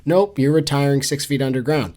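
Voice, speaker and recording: Male podcast host, casual and jokey, mid-pitched, acts out quotes. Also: a little fast, darkish tone. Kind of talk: casual chat.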